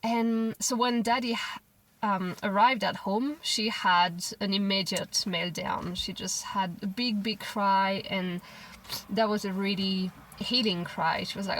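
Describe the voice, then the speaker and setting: A young mother telling a personal parenting story to camera in a gentle, reflective way, often restarting her sentences. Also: mid-range voice, steady tone, takes it slowly, recorded from a distance, a little hiss or hum, rough recording. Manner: reflective, gentle, with frequent restarts and soft quoted asides.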